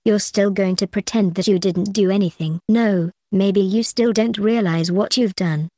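A woman's voice: medium pitch, moderate pace, dark tone, no echo, clean studio sound, close to an everyday voice. A woman reading as a volatile young sorceress. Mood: cold, accusing. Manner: cold, then screaming and tearful. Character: volatile, possessive young female magician.

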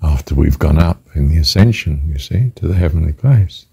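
Very deep, husky man musing slowly. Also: expressive, warm tone. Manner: slow and ponderous, repeating phrases over and over. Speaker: speaker reflecting on a spiritual phrase. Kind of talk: musing spiritual talk.

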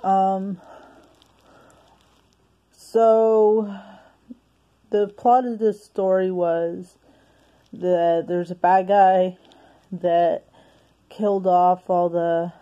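Slow, halting woman in a lo-fi recording. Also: mid-range voice, little pitch movement, warm tone. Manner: hesitant, halting, with many restarts. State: out of breath. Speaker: movie reviewer. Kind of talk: casual home video review.

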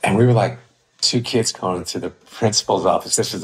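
A man's voice: on the low side, fairly quick. An older man, a guest comedian, telling anecdotes in a podcast interview over a video call, with many fillers.

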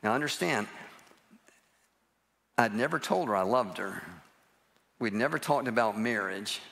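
A man's voice: fairly low pitch, animated, measured pace, gravelly, a bit bright. An older man preaching a humorous sermon in a church, telling personal stories in a chatty, self-deprecating way. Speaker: guest preacher. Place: church sanctuary, live service.

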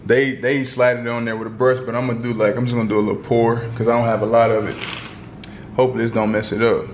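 A man's voice: mid-range voice, flat delivery, quick pace, a little hiss or hum. A young man chatting casually to the camera as he cooks in a home kitchen, talking straight to his viewers. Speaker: cooking vlogger.

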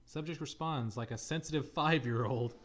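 A man's voice: medium pitch, normal speed, fairly bright tone, natural voice. A man reading a smug, condescending male scientist who analyzes someone like a test subject.

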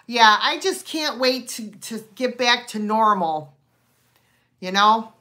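A woman's voice: on the high side, lively intonation, slow. A middle-aged woman hosting a live online sale, chatting casually and rambling as she greets viewers by name. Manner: chatty and rambling, with many fillers and warm greetings.

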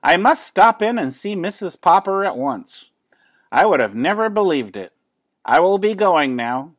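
Grandpa putting on a shrill, flustered neighbor lady. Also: sing-song, unhurried, no echo, studio quality, exaggerated voice. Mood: huffy. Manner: high, shrill exclaiming. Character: flustered, scolding middle-aged neighbor woman.

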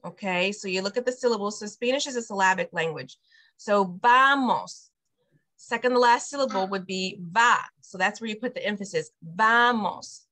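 A woman's voice: mid-range voice, fairly quick, fairly bright tone. A woman leading an online Spanish class for parents over a video call, explaining phrases step by step. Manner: explains step by step, repeats phrases after the teacher. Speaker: preschool director teaching Spanish to parents.

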